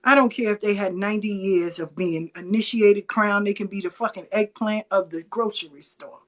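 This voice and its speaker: A middle-aged woman tells stories in a lively, casual chat, acting out the voices of the people she quotes. She speaks at a medium pitch and a moderate pace.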